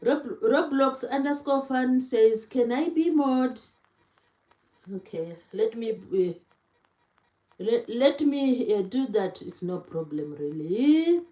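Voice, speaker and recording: Slow-talking woman in an echoey room. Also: fairly high pitch, animated. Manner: slow, warm greetings to chat viewers. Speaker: cooking livestream host. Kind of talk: casual livestream chat.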